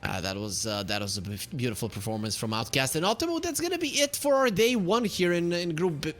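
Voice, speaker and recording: A man casting an esports match with his co-caster, his pitch climbing high during exciting plays. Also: fast talker. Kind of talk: play-by-play commentary.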